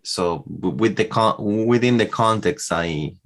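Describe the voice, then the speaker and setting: Deep-voiced man with an Argentine accent. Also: a bit bright. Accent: Argentine Spanish. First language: Spanish. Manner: halting, repeats words while searching. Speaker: podcast co-host. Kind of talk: casual bilingual chat.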